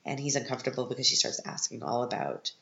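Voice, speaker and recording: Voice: medium pitch, big pitch swings, quick pace, vocal fry, pushed and bright, reverberant, muffled recording. A podcast host giving a casual, sarcastic recap of a film, sounding exasperated with it.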